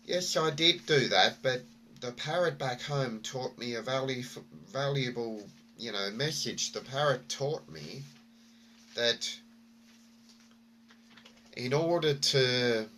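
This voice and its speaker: A man voicing a wise male parrot in a story he tells, measured and slow. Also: medium pitch, pushed and bright, slight background noise. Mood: earnest.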